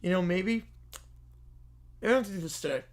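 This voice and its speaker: A man's voice: high voice, fairly quick, natural voice. A man voicing an irritated, exasperated grown man who mutters in frustration.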